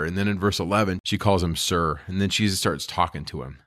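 A man's voice: deep voice, steady tone, a little fast, hardly any pauses, fairly bright tone, no room sound, studio quality. A man co-hosting a casual scripture discussion, retelling stories earnestly and with enthusiasm. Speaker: podcast co-host.

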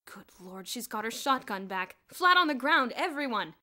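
A woman's voice: on the high side, very animated, moderate pace, sharp tone, voice pushed up, full character voice. A woman voicing a stern, dignified male headmaster in an audiobook, formal and commanding. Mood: angry. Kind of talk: audiobook character voice.

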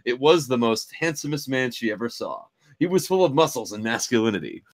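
A man reading a silly novel aloud, narrating in a mock-dramatic, deadpan way. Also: medium pitch, a little fast.

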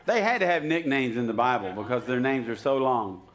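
A pastor preaching a sermon in a church, chatty and joking at times, then rising to loud, fervent exhortation. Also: male voice, mid-range voice, sing-song, brisk. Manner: conversational preaching that swells to loud, shouted exhortation; joking asides and frequent restarts. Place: church sanctuary.

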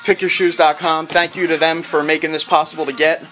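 Casual sneaker vlogger, male, hyped and slangy, fairly high voice, faint music under. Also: level tone, fairly quick, fairly bright tone. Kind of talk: casual video review.

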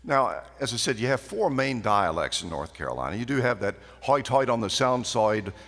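A man's voice: mid-range voice, moderate pace. A man giving a folksy, anecdotal after-dinner speech as a guest speaker at a banquet. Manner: folksy storyteller, lively and animated. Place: banquet hall. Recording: echoey banquet hall.

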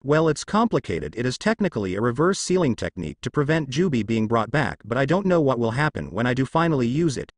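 A man voicing a calm, ancient male fox spirit who speaks in a measured way. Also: mid-range voice, no room sound, studio quality.

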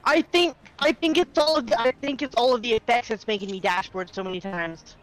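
A woman playing a game over voice chat, excitable and loud, swearing freely as she goes. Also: fairly high pitch, fairly quick. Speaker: player. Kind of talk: excited voice chat while gaming.

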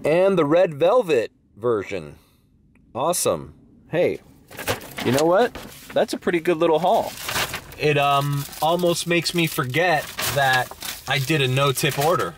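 A man's voice: on the high side, expressive, unhurried, noisy background. A young man delivering food, ranting bluntly and sarcastically with swearing, speaking English with a slight Latino accent from inside his car. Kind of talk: casual rant vlog.

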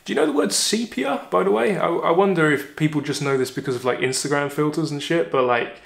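A man teaching literature, talking through a poem in a chatty way, often checking in with "all right?" and reading quoted lines slowly. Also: fairly high pitch, creaky, echoey room. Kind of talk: poem analysis lesson.

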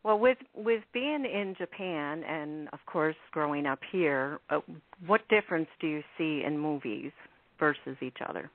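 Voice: medium pitch, expressive, a little slow. A radio host asking interview questions in a friendly, conversational way. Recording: tinny phone line.

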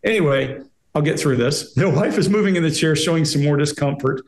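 Gravelly man in an echoey room. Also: fairly high pitch, fairly quick, heavy background noise. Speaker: panelist. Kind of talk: casual panel discussion.

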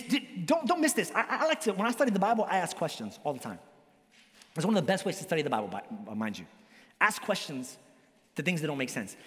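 A male pastor preaching a sermon in a lively, joking way, with big swings in pitch. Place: church hall. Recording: long church hall reverb.

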